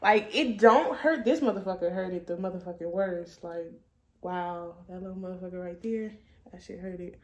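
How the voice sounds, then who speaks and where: A young adult woman vlogger tells a storytime at a moderate pace in a fairly low voice. The casual monologue is loose, profane, and full of laughter.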